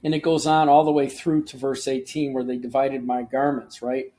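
A man's voice: medium pitch, little pitch movement, normal speed, dark tone. A man hosting a short devotional podcast, teaching earnestly and reading scripture aloud with emphasis, often restarting his sentences. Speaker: podcast host and preacher.

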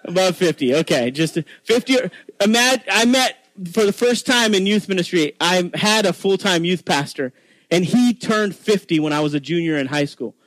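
A man's voice: high-pitched, lively intonation, normal speed, a bit bright, dry recording, poor audio. A man in his forties from Texas with a Texan accent, giving an informal, chatty sermon full of self-deprecating asides and restarts. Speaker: guest preacher.

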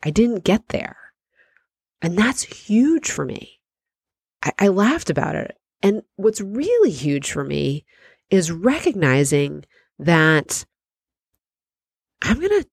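A woman's voice: low-pitched, darkish tone, dry recording. Chatty woman telling a story, dry recording. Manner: chatty, self-deprecating, laughs often. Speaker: podcast host. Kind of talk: personal storytelling monologue.

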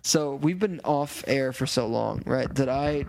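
A man's voice: mid-range voice, unhurried, creaky, a little mellow. A young man co-hosting a casual podcast chat from a late-night road trip, telling rambling stories and laughing often. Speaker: podcast co-host.

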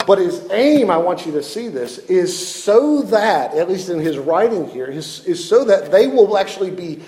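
Man, pastor, sermon, fairly high voice, earnest, echoing sanctuary. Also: expressive, moderate pace, mellow. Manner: earnest, self-deprecating, repeats words when stressing points.

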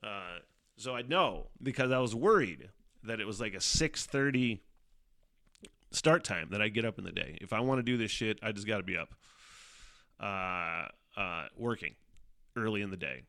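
A man's voice: fairly low pitch, expressive, moderate pace, creaky, sharp tone. A middle-aged man hosting a podcast, rambling casually, swearing a lot and laughing often. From Northern Michigan. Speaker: podcast host. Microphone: studio microphone.

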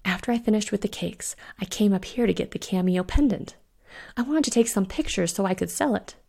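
A woman voicing a nervous young man who panics easily, reading him in a hushed, whispery tone in a spoken story. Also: mid-range voice, lively intonation, brisk, creaky.

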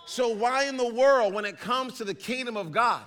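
A man preaching as a pastor, animated and acting out little scenes in put-on voices. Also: very high-pitched, moderate pace. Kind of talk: sermon.

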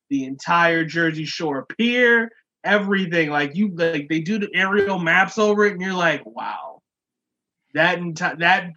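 A man co-hosting a podcast, telling a profane, animated joking rant in casual chat. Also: fairly high pitch. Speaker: podcast co-host. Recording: dull lo-fi sound.

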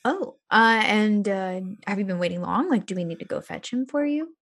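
A woman playing her character in a tabletop game, polite and gentle, often laughing. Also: medium pitch, animated, moderate pace. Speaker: player. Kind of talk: tabletop role-play.

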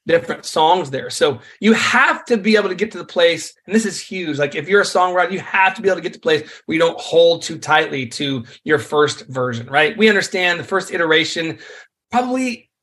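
A man, a songwriter and worship leader, explaining songwriting craft in an energetic, conversational way. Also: fairly high pitch, brisk. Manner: energetic, conversational teaching with frequent fillers.

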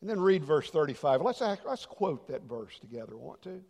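A male pastor delivers a sermon with a high voice. He drives points home loudly, then drops to a hushed near-whisper. The long reverb of a big church hall trails every phrase. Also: sing-song, moderate pace. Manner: dynamic preaching, swings from loud emphasis to hushed near-whisper.

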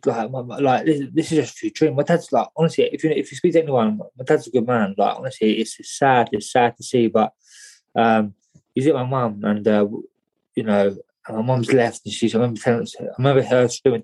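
A man telling a personal story in an interview, halting and repeating words, often saying "mate". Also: medium pitch, a little mellow. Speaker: guest.

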